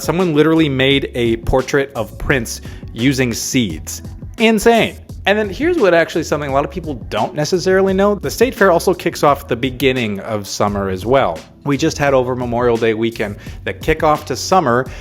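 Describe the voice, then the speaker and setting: A young man from Minnesota, a realtor, talking casually to camera in an upbeat, playful way with mock-stern asides. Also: mid-range voice. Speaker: realtor and relocation vlogger. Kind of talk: casual talking-head vlog. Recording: faint music underneath.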